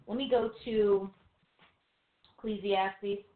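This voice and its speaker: A woman co-hosting a Christian teaching show, preaching in a loose, conversational way with rhetorical questions and quick asides. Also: mid-range voice. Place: room with a few listeners behind the cameras. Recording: tinny phone-like sound in an echoey room.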